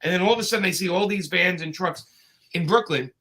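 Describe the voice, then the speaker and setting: A man's voice: high-pitched, fast, a bit bright. Chatty man telling rambling stories. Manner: rambling anecdotes with many fillers and restarts. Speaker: comics creator telling stories. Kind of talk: casual storytelling chat.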